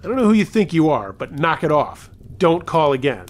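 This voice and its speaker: A man voicing an angry father who sternly warns off a prank caller and shouts at vandals. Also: a little high, very animated, fairly quick.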